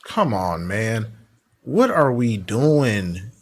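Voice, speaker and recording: A man's voice: mid-range voice, measured pace, fairly bright tone. A man hosting a reaction commentary show, talking in a casual, slangy way that turns exasperated and mocking. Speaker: commentary channel host.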